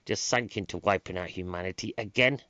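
A man, a comedian, rambling through a chatty podcast monologue in a deadpan way that drifts into mock outrage. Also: deep voice, brisk, no room sound. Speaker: stand-up comedian and event promoter. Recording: dry, dull lo-fi sound.

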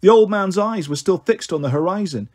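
A man reading a novel aloud as an audiobook, in a steady storytelling manner. His voice sits high for a man and sounds a touch husky. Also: fairly quick. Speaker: audiobook reader. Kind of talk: audiobook narration.

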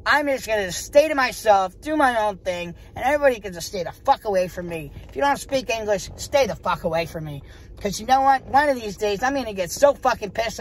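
A woman from the United States talking to viewers in a casual vlog, blunt and heavily profane. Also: medium pitch. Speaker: vlogger. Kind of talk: casual vlog talk to camera.

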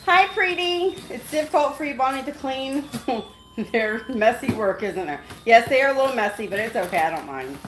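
A woman's voice: on the high side, expressive, normal speed. Woman, pet-channel host, live stream. Sing-song, gushing, with a lot of melody. Noisy recording. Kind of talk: casual live-stream chat.

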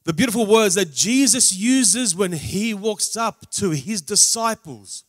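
Male preacher with a fairly high voice, dramatic emphasis and wry humor. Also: animated, no room sound, clean studio sound. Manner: dramatic swings in loudness, drawn-out emphatic words; humorous asides. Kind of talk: testimony sermon. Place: large camp meeting venue.

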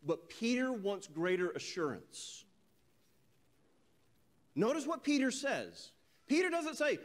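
A male preacher giving a sermon, telling a scripture story with animated delivery and reading verses slowly and solemnly. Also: very high voice. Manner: animated storytelling, voices quoted characters.

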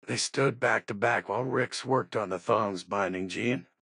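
Husky male audiobook narrator. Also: lowish voice, unhurried, fairly bright tone, no room sound, studio quality. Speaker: audiobook reader. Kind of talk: scripted narration.

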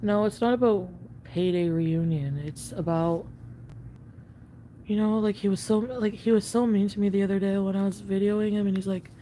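A woman's voice: mid-range voice, steady tone, normal speed, mellow, slight background noise. Rambling woman venting, swears a lot. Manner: rambling, filler-heavy, profane. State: high on an edible. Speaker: online video creator. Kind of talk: confessional rant to camera.

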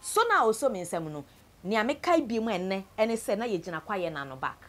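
A Ghanaian woman telling a sad story from her own life, mixing Twi and English, her voice often sinking low and quiet. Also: very animated, brisk. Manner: tells a sad story, switches between Twi and English, voice sinks low and soft. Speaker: interviewee. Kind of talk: personal story told to camera.

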